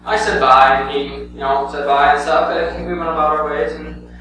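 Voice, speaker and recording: In a church sanctuary, a young man with a high-ish, bright, forceful voice speaks at a moderate pace and steady tone. He casually reports on his mission trip to the congregation, rambling with lots of "um" and "anyway". The very echoey hall is heard from a distance, with a clear hum.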